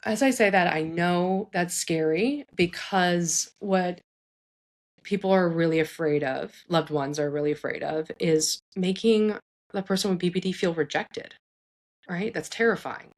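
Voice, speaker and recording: Female psychologist host, somewhat low voice; earnest, animated, casual advice with frequent self-corrections. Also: a little slow. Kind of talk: casual advice talk for parents.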